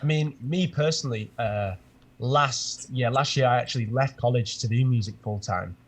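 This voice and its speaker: A man's voice: medium pitch, moderate pace, breathy edge. A young man with a British accent, a producer guest, explaining his choices in a laid-back way full of fillers. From Britain. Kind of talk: casual chat.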